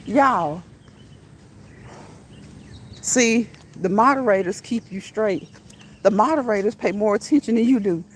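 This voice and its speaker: A woman takes her viewers along on a neighborhood walk via a casual live stream, chatting, laughing often, and reading the chat out loud. Her medium-pitched voice keeps a measured pace with long pauses, and there's slight background noise.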